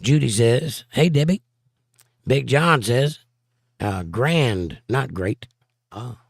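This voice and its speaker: Hoarse guy reading chat on his stream, playful jokes, dry close sound, mid pitch. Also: animated, slow pace, no room sound. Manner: joking, playful banter. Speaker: livestream host reading chat. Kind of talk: casual chat.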